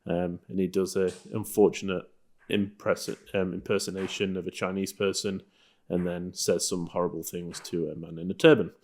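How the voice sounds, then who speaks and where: A man with a deep, low voice talking through classic films on a podcast. He rambles easily, trailing off and circling back with plenty of ums and likes. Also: normal speed. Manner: relaxed, rambling, many fillers. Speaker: podcast co-host. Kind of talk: casual film review chat.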